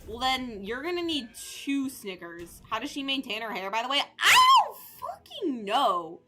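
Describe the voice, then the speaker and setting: A young woman streaming a game, reading its text aloud and reacting in an excitable, joking way, swearing and shouting at times. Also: a little high, moderate pace, loud music behind the voice.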